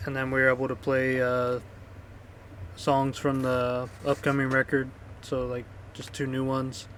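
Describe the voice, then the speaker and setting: A man co-hosting a casual podcast, recapping a gig in a relaxed, rambling way with easy laughs. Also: mid-range voice, a little slow, slight background noise. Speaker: podcast co-host and band member. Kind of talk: casual chat.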